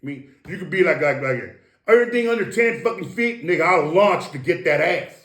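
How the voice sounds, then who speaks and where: A man's voice: a little high, fairly quick. Profane, boastful man in an echoey room. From Samoan American. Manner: profane, boastful, animated storytelling. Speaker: interview guest. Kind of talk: casual interview storytelling.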